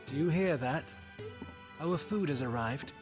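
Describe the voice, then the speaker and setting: An actor playing a kind, weary male caretaker of the sick in a video game, gentle and grateful. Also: a little high, lively intonation, unhurried. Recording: game audio with music behind.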